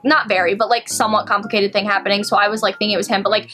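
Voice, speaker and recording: A woman's voice: medium pitch, flat delivery, very fast, sharp tone, soft background music. A young adult woman vlogging a casual storytime, talking through it in a chatty way with lots of "like"s. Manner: chatty, filler-heavy storytelling with many "like"s.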